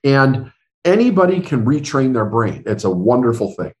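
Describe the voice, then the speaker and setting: A middle-aged man speaks as a guest business coach, earnest and emphatic. His voice sits at an ordinary medium pitch, and he acts out the people he quotes as he tells his stories. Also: sing-song, moderate pace. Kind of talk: storytelling interview answers.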